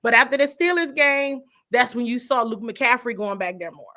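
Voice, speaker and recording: Higher-voiced woman breaking down football, chatty, laughs a lot, does little voices. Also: moderate pace. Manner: animated, laughs often, quotes people in put-on voices. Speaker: sports analyst guest. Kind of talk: casual sports talk.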